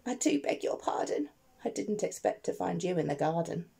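A cheerful, food-minded male dog from a rhyming picture book, apologizing and bargaining in a bouncing sing-song, as a woman puts him on. The voice is soft and slightly husky, unhurried, with lively swings in pitch. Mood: determined. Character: hungry, polite male pet dog digging for his bone.

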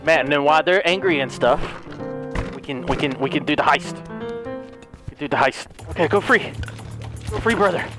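A man giving excitable let's play commentary, yelling, gasping and talking in first person as the character he plays. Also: on the high side, moderate pace, pauses often, music in the background. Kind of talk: gaming commentary.

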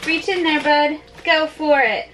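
A woman's voice: sits high, a little slow, fairly bright tone, slight background noise. A woman vlogging at home who chats in a gushing, emotional way, full of "like" fillers, while opening packages with her toddler. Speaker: family vlogger. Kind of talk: casual vlog chat with a toddler.

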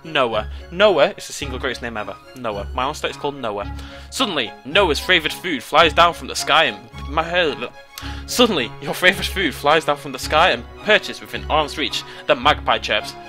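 A young British man hosting a game let's play, reading the game's text aloud in a playful, jokey way with sudden leaps in pitch. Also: animated, moderate pace, sharp tone, soft background music. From Britain.

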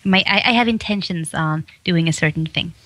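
A woman's voice: fairly low pitch, fairly quick, no echo. A woman from Sweden, a voice actress, chatting in an interview and laughing often. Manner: giggly, animated, laughs often. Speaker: guest voice actress. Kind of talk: casual interview chat.

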